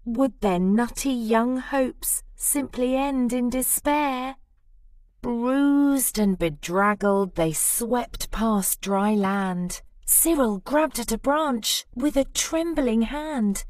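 A woman reading a rhyming children's storybook aloud with lively, expressive narration. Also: fairly high pitch, very slow, no room sound, studio quality. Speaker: storybook reader.

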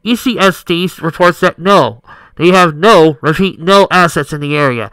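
A man doing a loud urgent police dispatcher. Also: fairly high pitch, moderate pace, smooth, no echo, pitched above the performer's own voice, lightly acted, rough recording. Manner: loud, clipped radio call. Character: radio dispatcher, urgent officer.

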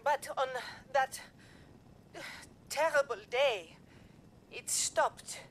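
A woman voicing a sorrowful robot nanny with a French accent, soft and pleading in a video game. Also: high-pitched, very slow, slight background noise, rough recording.

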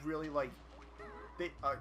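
A man's voice: a little high, little pitch movement, measured pace, highs cut off. A young man co-hosting a podcast in casual chat, hesitant, often restarting his sentences with "uh". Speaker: podcast co-host.

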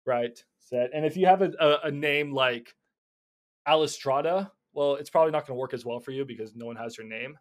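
A man teaching cold calling in a casual, energetic way, often stumbling over and repeating words. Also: medium pitch, brisk. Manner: energetic, stumbling repeats, slips into acted phone calls. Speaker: real estate investor teaching cold calling. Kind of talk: casual instructional talk.

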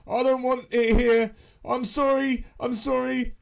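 A man's voice: extremely high pitch, unhurried, gravelly, a little hiss or hum. A man commenting while he plays a horror game, jumpy and yelping, talking back to the monster on screen. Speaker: gamer.

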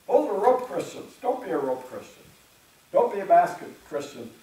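A male pastor delivers a sermon in a relaxed, conversational way, often clearing his throat and slipping into the voices of imagined churchgoers. His voice sits a little high for a man. He is heard from a distance in a heavily reverberant church room. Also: normal speed. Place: church sanctuary. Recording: very echoey church room, speaker away from the mic.

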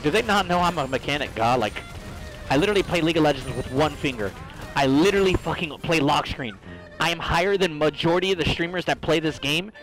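A man streaming a video game, ranting in a rambling, profane, excitable way, filling his talk with "like" and "literally.". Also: on the high side, rough recording. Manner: fillers, repeated "like" and "literally". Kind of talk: casual gaming stream chat. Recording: music playing behind voice.

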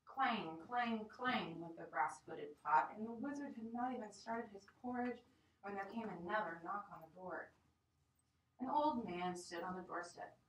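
A woman teacher reading a story aloud to her class in an expressive, dramatic storytelling manner. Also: medium pitch, moderate pace. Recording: echoey classroom from far off.

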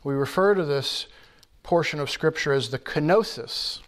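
Male pastor, fairly high voice, earnest sermon delivery, emphatic with deliberate pauses, church setting. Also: a bit bright.

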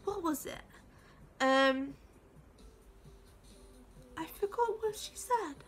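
A woman's voice: very high voice, lively intonation, takes it slowly, faint music behind. A woman vlogging in a casual, heated rant, rambling with lots of swearing and fillers. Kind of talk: casual ranting vlog.

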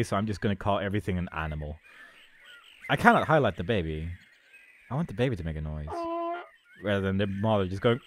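A man's voice: fairly low pitch, slight background noise. A young man doing comedic game commentary, exasperated and sarcastic, complaining melodramatically at the game. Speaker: let's play commentator.

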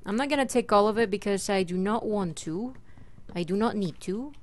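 A woman's voice: mid-range voice, normal speed. A young woman chatting her way through a Minecraft let's play, talking to mobs and her pet and squealing when startled. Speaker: gaming channel host.

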